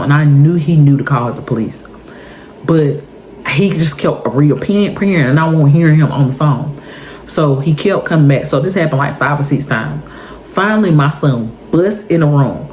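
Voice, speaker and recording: A woman's voice: low voice, darkish tone, slight background noise, rough recording. A woman in her thirties, telling an intense personal story for her vlog in an emotional, repetitive way. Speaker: vlogger. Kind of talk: story time monologue.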